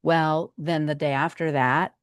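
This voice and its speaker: An older woman with a low voice talks to her viewers in a casual vlog update. She rambles from one thing to the next and fills pauses with ums. The sound is close and dry, with no room echo. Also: fairly even intonation, clear, resonant tone. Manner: chatty and meandering, with frequent ums. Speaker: vlog host.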